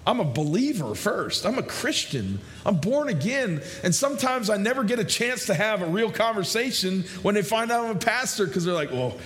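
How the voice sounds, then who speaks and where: High-voiced male pastor preaching. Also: fairly bright tone, a little hiss or hum. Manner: conversational, repeats phrases, slows for emphasis. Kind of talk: sermon.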